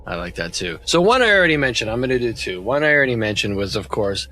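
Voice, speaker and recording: Animated, laughing man hosting a podcast. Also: medium pitch, quick pace. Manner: animated, laughs often, quotes lines from the film. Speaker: podcast host. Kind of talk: casual movie discussion.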